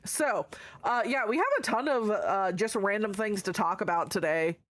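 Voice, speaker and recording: Slight background noise sits under a woman's medium-pitched voice as she talks with her stream viewers at a moderate pace. Greeting people by name, she's warm toward them and swears freely while reading chat aloud.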